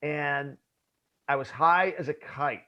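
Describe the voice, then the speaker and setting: A man's voice: on the high side, slow pace, bright, forceful tone, muffled recording. A man telling a story in casual conversation, acting out his own past lines and calling his listener bro. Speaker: podcast host.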